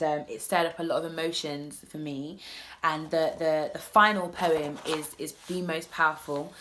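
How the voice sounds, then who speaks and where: Her voice deep and a bit bright, a twenty-something vlogger addresses the camera earnestly about loving herself, often stopping to restart a sentence. There's slight background noise.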